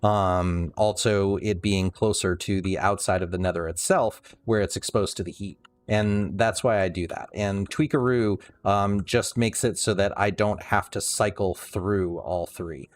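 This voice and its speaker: Low-voiced guy rambling thru his game build on stream, restarts a lot, dry sarcastic bits. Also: unhurried, hardly any pauses, no echo. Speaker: livestreamer. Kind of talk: casual game commentary.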